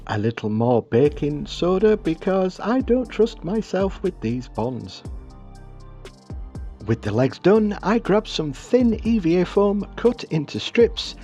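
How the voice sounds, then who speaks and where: A man's voice: high-pitched, sing-song, takes it slowly, dark tone, faint music behind. A British man narrating his own craft build as channel host, with wry, self-deprecating humor. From Britain.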